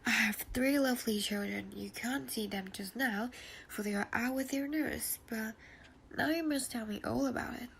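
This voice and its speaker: Woman reading a lively young wife. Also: a little high, moderate pace, creaky, slight background noise. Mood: eager. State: stuffy nose from a cold.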